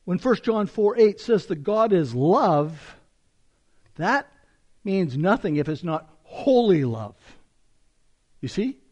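Male pastor, slightly high voice, warm and unhurried, expository sermon with emphatic scripture reading. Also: sing-song, highs cut off.

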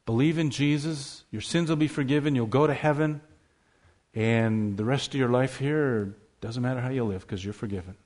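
A man's voice: mid-range voice, moderate pace, darkish tone. A man preaching a sermon, emphatic, asking rhetorical questions and stressing key words.

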